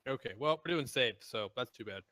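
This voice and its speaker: A man playing in a tabletop game, speaking quietly and muttering to himself as he rolls dice. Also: medium pitch, expressive, a little fast, no echo. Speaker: player. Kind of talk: casual tabletop game chat.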